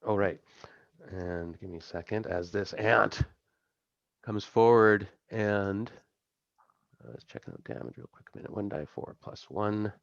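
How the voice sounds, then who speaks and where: Low-voiced man running a tabletop game. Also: unhurried, vocal fry, pauses often, dry recording, muffled recording. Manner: casual, laughing, thinking aloud. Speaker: game master.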